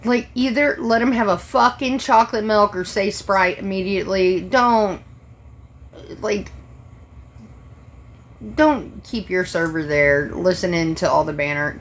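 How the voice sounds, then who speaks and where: Woman, restaurant server, low-ish voice, profane exasperated livestream rant. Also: unhurried.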